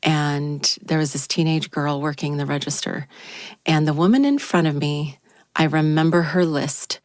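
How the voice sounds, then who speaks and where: A woman with a low voice tells a personal story into a studio microphone on a talk show. The sound is dry and close, with no room around it. She acts out quoted lines, her pitch jumping up when she plays herself. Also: moderate pace, no echo. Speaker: radio show team member. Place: radio studio.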